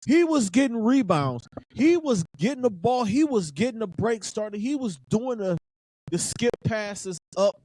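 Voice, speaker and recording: Fired-up sports podcast man, high voice. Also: expressive, measured pace, mellow, no room sound. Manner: fired-up, emphatic, repeats phrases for effect. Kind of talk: casual sports talk.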